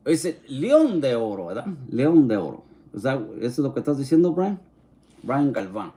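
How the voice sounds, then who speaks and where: A man's voice: medium pitch, big pitch swings, mellow. Laid-back man on a livestream. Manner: easygoing, mixes English and Spanish slang, sounds out names slowly. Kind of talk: casual live-stream chat, reading viewer comments.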